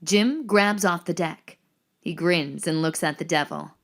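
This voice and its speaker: A woman narrating the action lines of a screenplay reading in a measured, descriptive way. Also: fairly low pitch, fairly bright tone.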